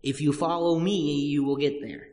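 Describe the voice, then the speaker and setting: A man voicing a calm, reassuring male teacher speaking to his disciples, within a sermon. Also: fairly high pitch, moderate pace, pitched above the performer's own voice, close to an everyday voice. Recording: long church-hall reverb.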